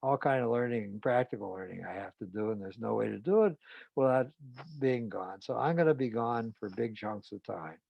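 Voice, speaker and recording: A man with a gravelly voice tells a therapy case story in a frank, conversational way. He speaks as a psychologist. The sound is dull and dry, with no room echo. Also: lowish voice, normal speed.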